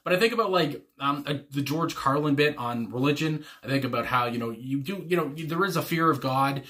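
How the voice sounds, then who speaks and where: A man's voice: a little high, fairly quick, pushed and bright. A man talking casually through his reaction to a song, rambling with lots of fillers and frequent chuckles. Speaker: music reaction host.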